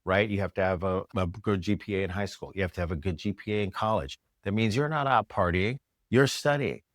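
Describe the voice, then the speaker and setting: Deep-voiced man telling stories, dry sound. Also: brisk, no echo. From New York. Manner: animated storyteller, acts out quoted voices. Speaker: chiropractor, podcast guest. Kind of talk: casual interview storytelling.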